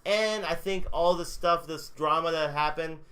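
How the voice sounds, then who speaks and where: Casting: man, slightly high voice, casual host, animated storyteller. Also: normal speed. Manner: animated, acts out quotes. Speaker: podcast host. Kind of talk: casual chat.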